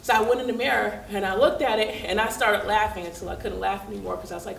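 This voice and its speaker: A woman's voice: medium pitch, steady tone, quick pace, creaky, roomy sound, recorded from a distance, slight background noise, poor audio. A woman in her thirties telling a candid, humorous personal story and acting out the dialogue.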